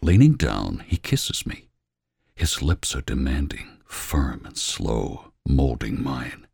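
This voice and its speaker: Male reader for romance audiobook; deep, husky, slow and hushed. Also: lively intonation, no room sound, studio quality. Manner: slow, hushed, often whispering. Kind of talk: scripted narration.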